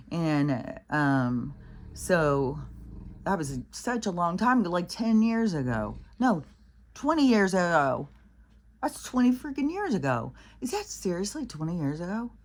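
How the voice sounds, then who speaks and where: A woman telling a rambling, exasperated story in a casual vlog, swearing freely and using many fillers. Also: low-pitched. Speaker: vlogger.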